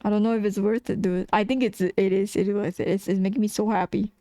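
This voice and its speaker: A woman's voice: medium pitch, dark tone, no echo, studio quality. Sleepy, giggly woman streamer. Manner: chatty, swearing, laughing, self-mocking. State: tired. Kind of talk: casual chat while drawing on stream.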